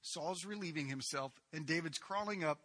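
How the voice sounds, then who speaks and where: A man preaching a sermon, retelling a Bible story in a lively way with casual asides. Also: fairly high pitch, moderate pace.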